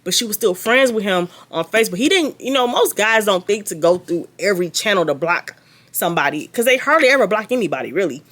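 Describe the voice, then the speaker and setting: A young adult woman vlogging a story in casual chat, animated and gossipy with sarcastic asides. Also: mid-range voice, fast.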